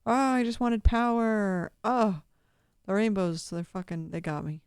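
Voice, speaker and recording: A woman's voice: mid-range voice, measured pace, darkish tone, clean tone, no echo, clean studio sound, lightly acted. A woman voicing a defeated, power-hungry male Lucifer who whines in exasperation. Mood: angry whining.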